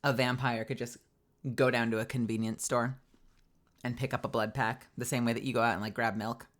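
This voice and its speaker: A woman's voice: very deep voice, little pitch movement, a little fast. A woman voice actor chatting casually on a live stream, rambling with lots of fillers. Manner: rambling, many fillers, laughs often.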